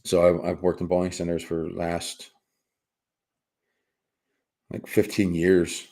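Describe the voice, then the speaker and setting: A man's voice: deep voice, completely flat delivery, takes it slowly, warm tone. A middle-aged man hosting a casual livestream, rambling and teasing his chat with frequent chuckles and repeated words. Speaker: livestream host reading chat.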